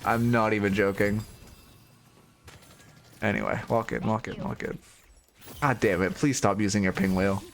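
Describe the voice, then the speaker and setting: A man's voice: fairly low pitch, fairly even intonation, normal speed, pauses often. A young man giving casual live-stream coaching commentary on a video game, frank and blunt, swearing now and then and restarting his sentences.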